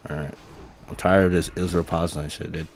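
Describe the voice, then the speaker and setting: A man's voice: deep voice, level tone, fairly quick, slight background noise. A young man calling in to a livestream, blunt and slangy, repeating "all right?" as he talks. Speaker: caller. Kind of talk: casual call-in banter.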